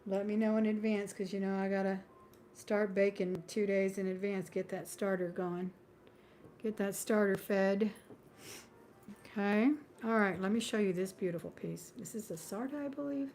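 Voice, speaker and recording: Mellow-voiced woman selling jewelry live. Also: mid-range voice, steady tone, normal speed, slight background noise. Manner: chatty and friendly, drifting into small talk and laughing often. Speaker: live-stream jewelry seller and host. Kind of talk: live-stream sales patter.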